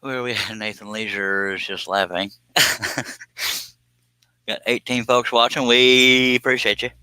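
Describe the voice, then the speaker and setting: Sharp-voiced joking man hosting a live stream. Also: lowish voice, a little slow, smooth, no echo. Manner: joking, teasing, laughs often. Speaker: woodworking live stream host. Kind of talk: casual live stream chat, reading viewer comments.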